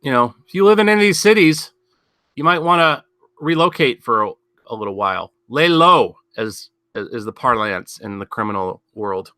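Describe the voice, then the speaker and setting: A man hosts a casual news commentary, rambling in a sardonic way and thinking aloud through plenty of ums and asides. His voice is bright and sits at a middling pitch. It is recorded close up and dry, with no room sound. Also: brisk, no room sound. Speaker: podcast host.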